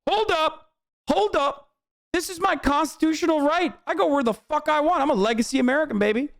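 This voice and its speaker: A man voicing an entitled, brash male rioter in a mocking, exaggerated high squeal. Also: a little fast, gravelly. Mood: indignant.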